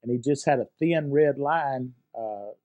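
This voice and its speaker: An older man recalling his war experiences in a halting way, with many fillers and repeated words. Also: medium pitch, mellow, dull audio. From United States. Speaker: veteran interviewee. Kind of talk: personal war recollection.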